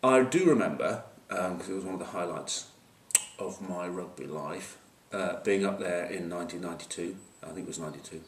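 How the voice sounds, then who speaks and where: A man's voice: deep voice, fairly quick. A man giving a casual rugby match preview, wry and joking, with lots of fillers and asides, recorded on a camcorder at a distance. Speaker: rugby pundit. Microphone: camcorder mic at a distance. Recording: roomy, distant camcorder sound.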